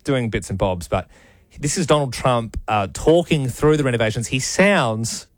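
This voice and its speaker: A young man bantering on morning radio with a bouncy, animated delivery. His voice is mid-pitched and the studio sound is dry and close. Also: moderate pace, no echo. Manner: joking, lively. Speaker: radio host.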